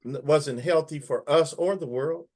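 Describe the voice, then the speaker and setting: A man's voice: fairly high pitch, a little slow, darkish tone. Guy on a panel call going off about politics-style stuff, emphatic, repeats himself. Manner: opinionated, emphatic, repeats words. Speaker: panel guest. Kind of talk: casual panel discussion.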